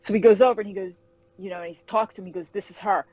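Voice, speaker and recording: A woman novelist chats on a video call, telling stories with lots of energy. She slips into little voices for the people she quotes and laughs along as she goes. Her pitch sits in a comfortable middle register. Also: racing, no room sound, low-quality recording. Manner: animated anecdotes, acts out quoted voices, laughs often. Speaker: fantasy novelist guest. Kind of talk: casual interview storytelling.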